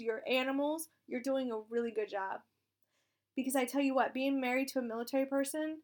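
A woman in her thirties, a military spouse with a hoarse, raspy voice, talking casually and frankly, encouraging listeners and swearing now and then. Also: high-pitched, a little mellow. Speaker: military spouse sharing advice. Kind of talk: casual direct-to-camera talk.

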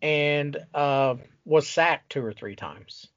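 A man's voice: a little high, takes it slowly, a bit bright, no echo. A man co-hosting a casual sports talk show, ranting with exasperation and plenty of swearing. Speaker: podcast co-host. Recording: dull lo-fi sound.

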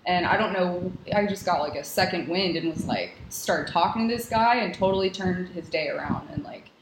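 A woman's voice: fairly low pitch, normal speed. A young adult woman, an X-ray technologist, telling stories as a guest in a casual podcast conversation, chatty and full of "like". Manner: chatty, filler-heavy storytelling with frequent "like". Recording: roomy room with background noise.

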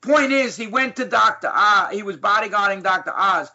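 A man with a New York accent telling a story in casual, profane, animated chat. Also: high-pitched, normal speed. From New York City. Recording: dull lo-fi sound.

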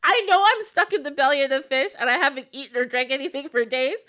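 A woman's voice: high voice, animated, fast talker, bright, forceful tone. Woman doing a worried, selfless young bride.

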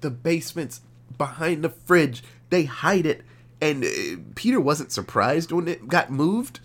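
Male podcast co-host, lively profane movie recap, raised pitch that swings widely. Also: a little slow. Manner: animated, profane storytelling. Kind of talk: casual movie review chat.

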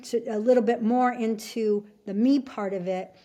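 A middle-aged woman from Alaska, a podcast guest telling her story in a casual, halting way with many restarts. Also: on the high side, fairly even intonation, warm tone. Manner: halting, full of restarts and fillers. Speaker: podcast guest, shamanic teacher.

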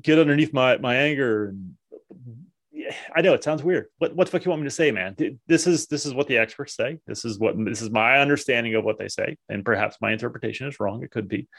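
A man in an unscripted monologue, blunt and earnest, swearing often and restarting his sentences, owning that he is no expert. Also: mid-range voice. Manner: earnest, self-deprecating. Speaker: men's self-help vlogger.

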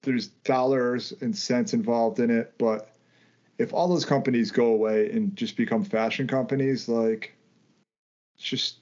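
A man's voice: mid-range voice, steady tone, a little slow, a little mellow. A man co-hosting a podcast in casual conversation, ranting with plenty of swearing. He stumbles and restarts his sentences as he goes. The sound is dull and lo-fi. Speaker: podcast co-host. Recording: dull lo-fi audio.

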